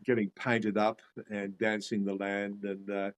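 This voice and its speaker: A man's voice: on the low side, little pitch movement, a little slow, low-quality recording. A middle-aged Australian man as an interview guest, telling his story with animation and acting out his own past reactions. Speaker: guest, shamanism teacher.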